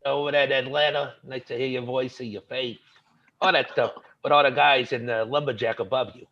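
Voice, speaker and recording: A man doing an impression of a gruff middle-aged mobster-type man, putting on a low gravelly growl over lo-fi call audio. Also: steady tone, fairly quick, lightly acted. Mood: teasing.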